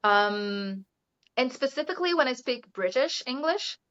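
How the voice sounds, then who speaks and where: A Brazilian-accented woman speaks English as a guest on a relaxed interview, her voice sitting a little high. She talks in a chatty, easygoing way, and the recording sounds dull and lo-fi. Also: measured pace, smooth. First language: Portuguese. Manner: chatty, laughs often, says "you know" a lot. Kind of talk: casual interview chat.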